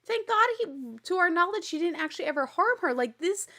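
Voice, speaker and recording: A woman hosting a recap show, telling the story in a chatty, blunt way with casual swearing and animated exasperation. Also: very high-pitched, brisk. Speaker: podcast host recapping a reality show.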